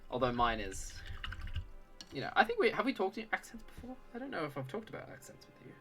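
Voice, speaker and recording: A young man with a mild Australian accent chats casually, laid-back and quick to chuckle. His voice is bright and forceful, with faint music playing underneath. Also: sits high, wildly swooping pitch. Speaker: co-host. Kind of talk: casual chat.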